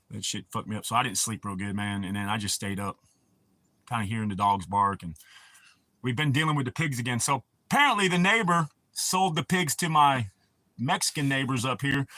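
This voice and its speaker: A man's voice: medium pitch, sharp tone, dry recording. A man, hosting a casual livestream and rambling crudely with a lot of swearing. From United States. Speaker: livestream host.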